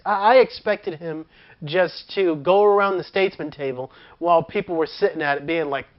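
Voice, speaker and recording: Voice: medium pitch, lively intonation, moderate pace. Chatty film reviewer who laughs often; mid-range voice, dull lo-fi recording. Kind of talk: casual movie review.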